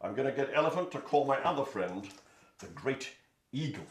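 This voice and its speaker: A man voicing a bossy male lion king who gives loud, brisk orders. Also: medium pitch, animated, echoey room, voice pushed up, close to an everyday voice. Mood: commanding.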